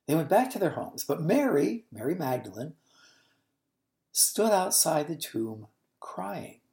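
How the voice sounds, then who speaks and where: Low, warm-toned woman teaching scripture, animated storyteller, unhurried. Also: vocal fry. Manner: expressive, storytelling, explains original-language words. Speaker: Bible teacher. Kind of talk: expository Bible teaching.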